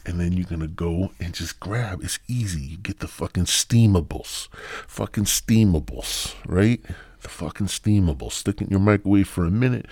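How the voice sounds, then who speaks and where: A man hosting a podcast, delivering a crude, profane comic rant that swings from loud mockery to low mumbling. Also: moderate pace, no echo, clean studio sound. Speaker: podcast host.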